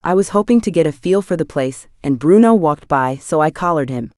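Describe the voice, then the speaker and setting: A woman voicing a calm, firm female general manager who speaks directly, in an audiobook. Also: low voice, brisk, no echo, clean studio sound. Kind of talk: audiobook character voice.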